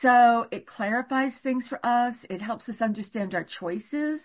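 Husky older woman telling stories, lo-fi. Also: fairly high pitch, measured pace. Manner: animated, laughs while telling stories. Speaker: guest astrologer. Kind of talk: storytelling in a podcast interview. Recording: dull lo-fi recording.

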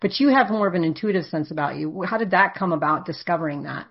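A woman's voice: fairly low pitch, fast talker, breathy edge. A woman hosting a podcast, chatty and encouraging, with many fillers as she introduces and questions a guest. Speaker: podcast host. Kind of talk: hosting an interview. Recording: dull lo-fi recording.

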